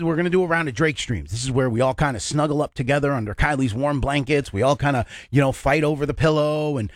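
A man's voice: on the high side, dry recording. A man hosting a morning radio show in a studio, playful and teasing in casual banter. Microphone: studio microphone.

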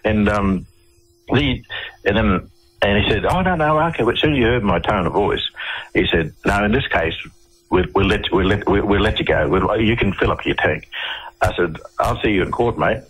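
Husky deep-voiced Australian man. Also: moderate pace, fairly bright tone, rough recording. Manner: rambling, repeats and restarts phrases. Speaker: interview guest. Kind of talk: casual storytelling on a radio interview.

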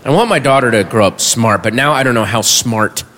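A man doing a stand-up comedy set, animated and bursting into shouted punchlines, on a stage before an audience. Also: medium pitch, fairly quick. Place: large hall with audience. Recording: live hall with crowd noise.

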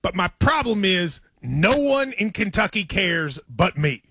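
A man in his forties hosting a sports radio show, chatting in an excitable, storytelling way. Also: high-pitched, unhurried, a little hiss or hum. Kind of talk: casual sports radio chat. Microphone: studio microphone.

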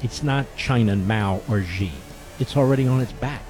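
A man's voice: mid-range voice, normal speed, darkish tone, soft background music. A man in a played clip making a firm political statement.

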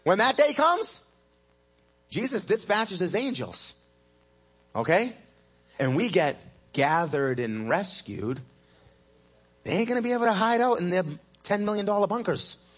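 A male pastor preaching a sermon at a church service, swinging between loud emphatic peaks and low hushed lines, and stretching key phrases out slowly. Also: big pitch swings, husky.

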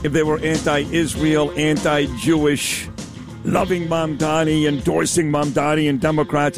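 A man's voice: on the high side, a little slow, music in the background. A male talk radio host speaking bluntly and combatively in a studio.

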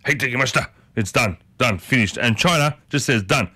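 A man's voice: mid-range voice, moderate pace, slightly rough, no room sound, clean studio sound. A man with an Australian accent hosting a morning radio show, chatting playfully and jumping from thought to thought. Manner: chatty, playful, jumps around excitedly. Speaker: radio host.

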